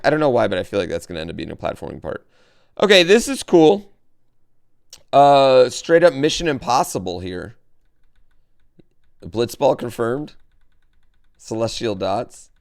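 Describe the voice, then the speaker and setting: A man's voice: medium pitch, gravelly. A man streaming live, chatting casually and animatedly to his chat, swearing and going off on tangents.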